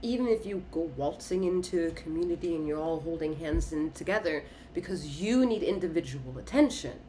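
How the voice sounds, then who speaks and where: A woman's voice: fairly low pitch, lively intonation, normal speed, hardly any pauses, mellow, slight background noise. A woman giving a casual tarot reading in an emphatic, repetitive way, swearing and laughing often. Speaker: tarot reader.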